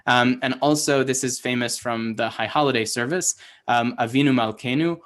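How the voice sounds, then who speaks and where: A man's voice: mid-range voice, moderate pace, a bit bright. A man teaching a language class over a video call, explaining patiently and often checking in with his students. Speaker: Hebrew teacher. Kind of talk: online class lesson.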